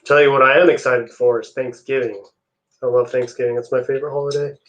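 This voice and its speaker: A man's voice: mid-range voice, fast. A young man hosting a live stream, chatting casually with viewers while he builds. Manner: relaxed, chatty, answers chat messages.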